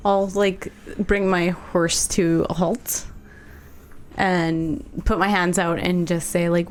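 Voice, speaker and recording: A woman's voice: lowish voice, flat delivery, slow. A woman playing a tabletop game, asking curious questions and speaking her character's lines. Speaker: player. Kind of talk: casual tabletop role-play.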